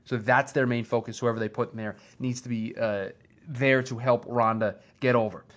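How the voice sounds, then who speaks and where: A man's voice: mid-range voice, fairly even intonation, normal speed, fairly bright tone. A man hosting a casual chat show, talking enthusiastically and rambling, with restarts as he goes. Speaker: podcast host.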